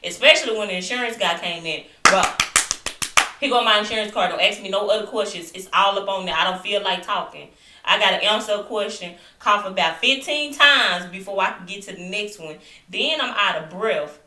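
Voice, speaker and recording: A woman's voice: medium pitch, moderate pace, far from the mic. A young woman vlogging at home, chatting animatedly about being sick while still recovering with a lingering cough. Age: young adult. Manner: chatty, animated retelling with asides to viewers. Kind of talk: casual storytelling to camera. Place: home, indoors. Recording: echoey room, voice off-mic.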